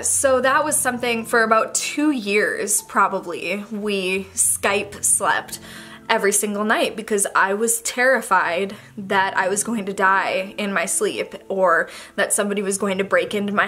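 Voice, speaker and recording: A woman's voice: mid-range voice, pushed and bright. A young woman speaking candidly to a camera on a tripod in her bedroom, rambling through an emotional confession. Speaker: vlogger. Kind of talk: personal talk to camera.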